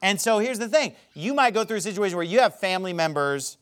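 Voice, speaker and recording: A man preaching a sermon, speaking emphatically and rising into loud dramatic quotations of scripture. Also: high voice, animated, fast talker, few pauses.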